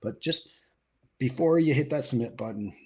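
A man's voice: medium pitch, moderate pace, a little mellow, breathy edge. A middle-aged man from the US West Coast co-hosting a podcast, talking casually with frequent fillers and restarts. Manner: conversational, many fillers and restarts. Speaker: podcast co-host. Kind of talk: casual chat.

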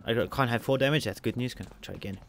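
A man's voice: medium pitch, rapid-fire, creaky, slight background noise. A man commentating a video game as he plays, narrating every move, spelling out letters and repeating himself. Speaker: let's play gamer.

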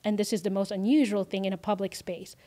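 A woman's voice: medium pitch, fast. A woman, a guest in an interview, telling an emotional personal story with many fillers and acted-out quotes. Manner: animated, lots of fillers, acts out quoted lines.

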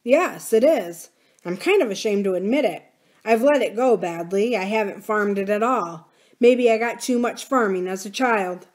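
Lady voicing a shy rancher dad, kinda eager, kinda embarrassed, pitched up. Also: moderate pace. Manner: eager, a little self-conscious. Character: awkward, shy male rancher, father.

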